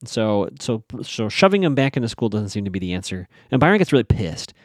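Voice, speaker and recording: A man talks through a show's plot in a loose, chatty way, full of asides to his listeners. His pitch swings up and down a lot. The sound is dry and close, with no room echo. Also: sing-song, a little fast. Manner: chatty, asides to the audience, frequent fillers. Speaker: show recap host. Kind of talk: casual episode recap.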